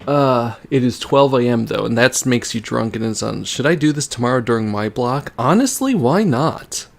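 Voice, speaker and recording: A young livestreamer performs a fan story aloud for a charity stream, played for comedy, with frequent laughter and wry asides. His mid-range, gravelly voice is expressive and moves at a moderate pace.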